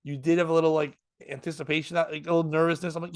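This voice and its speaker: Man, comedian, casual storytelling, fairly high voice, laughs a lot. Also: rapid-fire, hardly any pauses. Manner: animated, jumps into voices and laughs.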